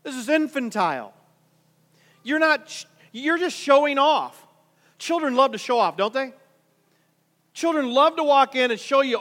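A man's voice: extremely high pitch, animated, normal speed, long pauses, fairly bright tone, big-room sound. A male pastor preaching a conversational sermon, full of rhetorical questions and repeated restarts.

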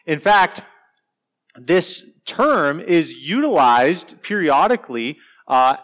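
Casual male Bible teacher, conversational lecture delivery with emphatic pitch jumps. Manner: conversational, explanatory, lively pitch swings on emphasis.

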